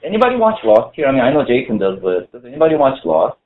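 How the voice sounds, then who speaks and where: A man's voice: medium pitch, huge pitch swings, quick pace, a little hiss or hum. Guy preaching to a small group, super casual, lots of "you know", sounds like it's over a phone. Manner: conversational, full of "you know" fillers and restarts. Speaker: pastor. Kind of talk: casual sermon to a small congregation. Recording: tinny phone-like lo-fi recording.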